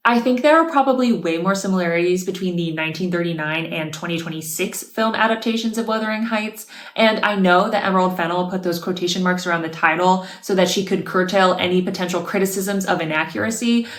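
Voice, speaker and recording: A woman's voice: medium pitch, a little fast, few pauses. A woman narrating a scripted video review with wry, sarcastic asides. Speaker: video essayist. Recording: roomy echo.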